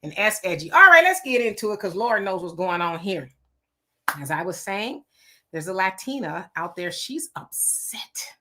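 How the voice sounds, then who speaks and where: Bright-voiced woman hosting a livestream. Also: medium pitch, lively intonation, moderate pace. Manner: chatty, greets viewers by name. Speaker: livestream show host. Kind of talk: casual live-stream chat.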